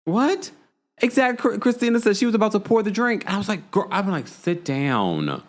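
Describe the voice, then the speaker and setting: A man hosting a live recap show, chatting casually, reading out viewer comments and gossiping with animated energy. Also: high-pitched, brisk. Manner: animated, gossipy, mimics people in quotes. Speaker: podcast host.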